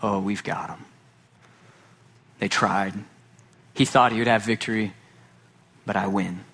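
A man putting on a scheming male devil who gloats in a deep, self-satisfied tone. The voice sits low and heavy, full of smug triumph. It is told as a character inside a sermon. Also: steady tone, measured pace, fairly bright tone. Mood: gloating.

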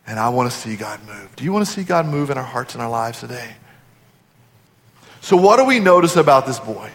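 A man preaching a sermon as a pastor, asking the congregation questions and dropping to quiet emphasis on key points. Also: mid-range voice, sing-song, a little fast, gravelly. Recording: long hall reverb.

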